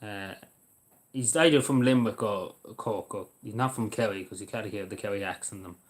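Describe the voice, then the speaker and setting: A man's voice: fairly low pitch, a little fast. An Irish man chatting casually on a livestream, rambling and hesitant, swearing now and then.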